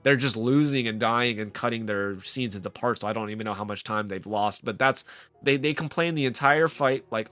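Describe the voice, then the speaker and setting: A man's voice: medium pitch, fairly quick. A man giving casual, rambling commentary on a video game he is playing, full of fillers. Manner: rambling, animated, frequent "like" fillers. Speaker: let's play host.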